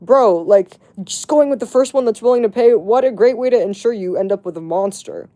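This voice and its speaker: A woman's voice: a little high, brisk, warm tone. A woman livestreamer chatting to her viewers, telling a story in a casual way with lots of "like" and swearing. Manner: chatty, heavy on "like" and profanity.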